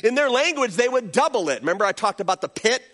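A man's voice: extremely high pitch, quick pace. A male pastor preaching a sermon, calling on the congregation to respond and acting out little voices as he goes. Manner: animated preaching with call-and-response and acted-out voices.

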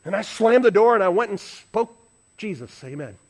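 A middle-aged man preaching a storytelling sermon, swinging from hushed asides to loud, excited passages. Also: high voice, moderate pace. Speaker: pastor.

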